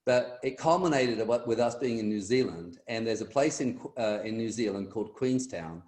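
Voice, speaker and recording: A middle-aged man telling an energetic motivational story as a guest speaker on a team video call, acting out the voices in his anecdotes. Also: lowish voice, moderate pace, echoey room.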